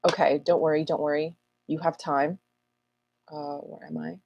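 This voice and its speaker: A woman astrologer hosting a casual live Q&A, chatty and rambling with self-mocking asides, her voice a little husky this morning. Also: low-pitched, flat delivery, normal speed, a little mellow, highs cut off. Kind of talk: casual livestream chat.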